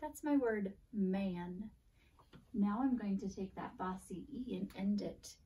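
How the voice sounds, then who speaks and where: Slow, mellow woman teacher, heard from afar. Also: medium pitch, recorded from a distance. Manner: slow, deliberate sounding-out of letters. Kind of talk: classroom phonics lesson.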